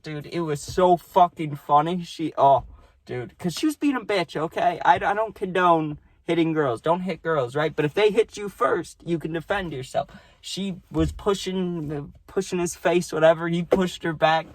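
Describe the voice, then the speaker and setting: A man's voice: on the high side, dry recording. A young man telling a party story in a loose, rambling way, swearing a lot and tagging lines with "right?". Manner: profane, rambling, peppered with "right?". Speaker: storytime vlogger. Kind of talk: casual storytelling.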